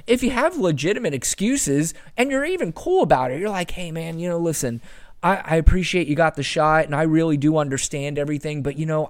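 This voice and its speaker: A man's voice: on the high side, no echo, clean studio sound. A man hosting a podcast, ranting in a casual, exasperated monologue and swearing freely. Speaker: podcast host.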